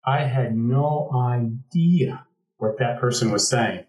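An American man from the Pacific Northwest tells a story in a reflective, conversational way and often restarts his sentences. His voice has a middle pitch. The recording is roomy, and he sounds some distance from the mic. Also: slow, a little mellow. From Pacific Northwest, United States.

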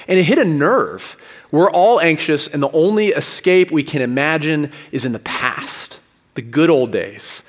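A man's voice: mid-range voice, long reverb tail. A man, a pastor, preaching a sermon in a loose, joking, conversational way. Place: church sanctuary.

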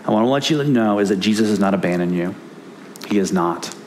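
A man's voice: lowish voice, expressive, brisk, darkish tone, slight background noise. A man preaching a sermon as pastor, earnest and emphatic, repeating key phrases for weight.

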